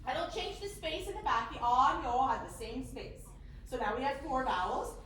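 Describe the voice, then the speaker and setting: A woman's voice: high voice, expressive, a little fast, fairly bright tone, a little hiss or hum. A woman leading a choir workshop, encouraging the singers and demonstrating vowels by singing them. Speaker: choir clinician. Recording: echoey hall from far off.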